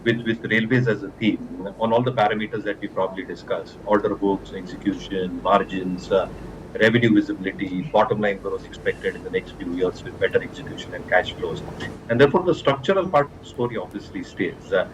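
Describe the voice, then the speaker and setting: Indian English research analyst, lowish voice, measured explanation, clear noise behind. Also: male voice. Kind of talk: remote guest commentary.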